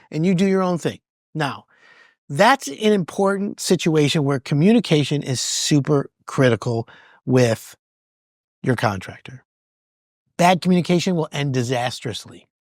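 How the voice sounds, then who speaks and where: A podcast host talks through home improvement advice in a loose, conversational way. The pitch moves widely up and down as the host acts out what homeowners and contractors say. The sound is dry, with no room echo. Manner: conversational, repeats words, acts out both sides of conversations. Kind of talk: casual advice talk.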